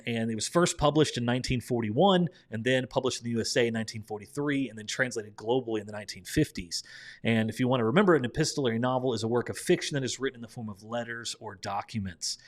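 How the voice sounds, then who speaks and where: A young man with a Midwestern American accent, teaching a live-streamed Bible study in a chatty, upbeat way with frequent ums and uhs. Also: on the low side.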